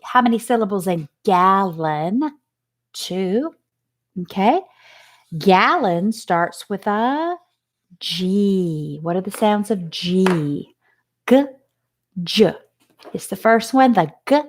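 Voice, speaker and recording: Slow, lively-voiced woman teacher. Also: mid-range voice. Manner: slow, patient, sounding out letters. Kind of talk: remote phonics and math lesson.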